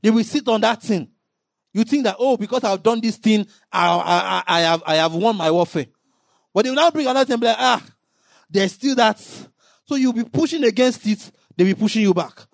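A man preaching a sermon in an impassioned way, now and then rising into shouted emphasis. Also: sits high, fairly quick, gravelly, no room sound, clean studio sound.

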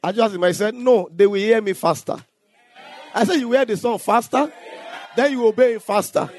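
A man preaching a sermon as pastor, reading scripture aloud and at times shouting or singing out phrases. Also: very high-pitched, moderate pace, slight background noise.

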